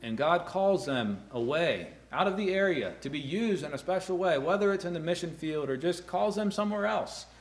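A middle-aged man preaching a sermon to fathers, earnest, rising loud on key words and dropping low. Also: animated, moderate pace, few pauses. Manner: earnest, rises loud for emphasis then drops low. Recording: echoey room.

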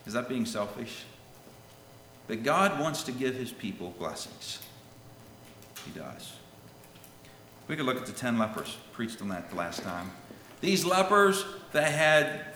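Dramatic preacher in an echoing hall. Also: male voice, medium pitch, slight background noise. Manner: dramatic, swings between loud calls and hushed lines; reads scripture in King James wording. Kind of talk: sermon. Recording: echoey hall with long reverb.

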